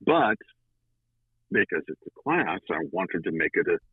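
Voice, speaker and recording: A man guesting on an interview show, telling a story in a lively conversational way with dramatic pauses. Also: deep voice, vocal fry, slightly rough, dry recording. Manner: animated, with dramatic pauses and fillers. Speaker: guest, audiobook narrator. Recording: tinny phone-like line.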